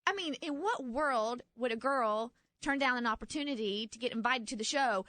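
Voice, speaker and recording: A young woman co-hosting a radio show, telling a story in an animated, excited way. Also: fairly high pitch, moderate pace, no room sound. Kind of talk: casual morning radio chat, storytelling.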